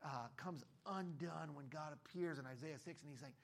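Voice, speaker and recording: Husky high-voiced man preaching a sermon. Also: moderate pace. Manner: conversational, acts out voices in quotes. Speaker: pastor.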